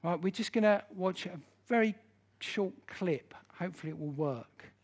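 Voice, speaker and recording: A man's voice: sits high, moderate pace, highs cut off. A man teaching a church Bible study class, speaking earnestly and with emphasis.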